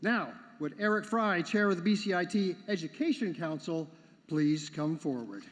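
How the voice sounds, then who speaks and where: High-voiced male emcee, echoing hall. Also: expressive, moderate pace. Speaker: ceremony emcee. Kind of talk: announcing at a graduation. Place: large hall. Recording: long hall reverb with faint noise.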